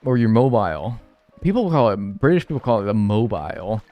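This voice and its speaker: A man's voice: lowish voice, big pitch swings, fairly quick, mellow, soft background music. A young man live-streaming, reading viewer messages and answering them in casual, joking banter with bursts of mock outrage.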